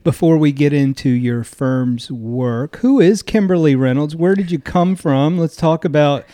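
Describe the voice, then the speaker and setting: A man's voice: on the high side, measured pace, mellow, no echo. A man co-hosting a politics podcast, asking conversational questions. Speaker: podcast co-host. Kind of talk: interview hosting.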